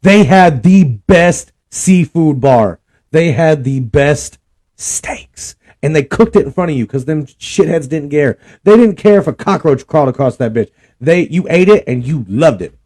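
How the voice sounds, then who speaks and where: A man's voice: a little high, lively intonation, a little slow, darkish tone. A young man, ranting and cussing in a casual vlog. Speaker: vlog host. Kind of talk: casual profane rant.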